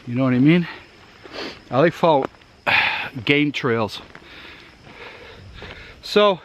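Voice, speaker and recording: A man's voice: a little high, takes it slowly, a bit bright, a little hiss or hum. A man with a Massachusetts accent, chatting casually to viewers while out of breath on a woodland hike outdoors. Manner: rambling, chatty, addresses viewers directly. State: out of breath from hiking. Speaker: outdoor gear vlogger. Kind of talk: casual rambling tour while hiking. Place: outdoors in the woods.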